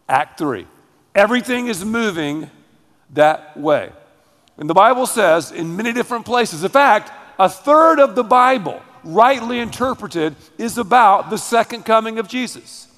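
Male preacher, high voice, dramatic emphatic sermon, echoing church hall. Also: fairly bright tone. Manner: emphatic and dramatic, calls on the audience to repeat. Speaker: pastor. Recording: long hall reverb.

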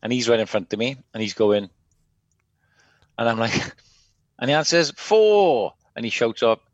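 A Welsh man telling stories in a relaxed, chatty way on a podcast. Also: medium pitch, a little slow, no echo, muffled recording. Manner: chatty anecdotal storyteller. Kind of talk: casual chat, storytelling.

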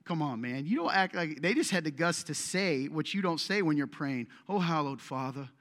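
A man preaches to his congregation in a loose, conversational style and teases the people in the pews. His voice sits high and sounds bright. A long echo from a church hall trails each phrase. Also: expressive, normal speed. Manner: joking, teasing, conversational preaching. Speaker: pastor. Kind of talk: sermon. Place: church sanctuary.

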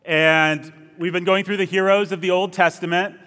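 Young guy pastor, chatty storytelling sermon, a bit high voice. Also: steady tone, normal speed, pushed and bright, in a large hall. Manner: conversational, storytelling, self-deprecating asides. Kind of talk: sermon with opening prayer. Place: church.

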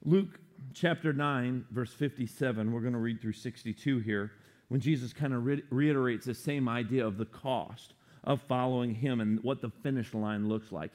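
A man preaching a sermon, animated and playful, acting out quotes for humor. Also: medium pitch. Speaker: pastor.

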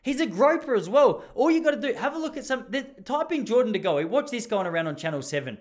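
A man's voice: sits high, fast talker. A young Australian man hosting a podcast, telling rambling, jokey stories in casual chat. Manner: rambling, jokey, animated storytelling with laughs. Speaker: podcast host.

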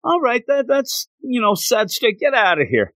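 A man voicing an angry male college football coach who yells and scolds. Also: very high-pitched, sing-song, normal speed, dry recording, studio quality, voice pushed up, full character voice. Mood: scolding. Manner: yelling, scolding.

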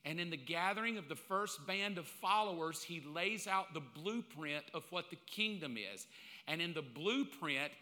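A male pastor preaching a sermon in a blunt, animated way, acting out bits of dialogue as he goes. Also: on the high side, moderate pace. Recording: long reverb of a large hall.

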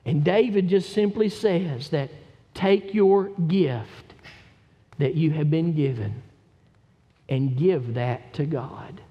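A high-pitched man delivering a sermon from a church pulpit. He moves between steady Scripture teaching and impassioned, emphatic exhortation. His voice carries a long reverb from the sanctuary. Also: takes it slowly, lo-fi sound. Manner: impassioned, rising to loud emphatic preaching. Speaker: pastor.

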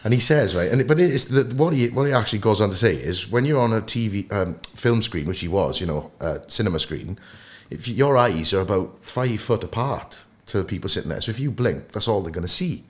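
Deep-voiced Welsh man telling stories. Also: a little fast, few pauses, slightly rough. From Wales. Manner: animated storyteller who acts out anecdotes. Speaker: actor guest. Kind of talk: casual podcast interview.

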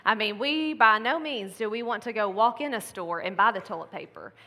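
Fairly quick, bright and forceful, a woman with a mid-range voice talks through a Mother's Day sermon as the pastor's wife. Her style is casual and chatty with laughing asides, and the church sanctuary gives the recording a long hall reverb.

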